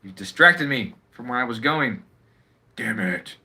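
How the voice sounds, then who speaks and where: A man's voice: medium pitch, animated, unhurried, sharp tone, breathy edge. Profane, sarcastic man ranting on a livestream. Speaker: live streamer. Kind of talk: casual livestream rant. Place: at home.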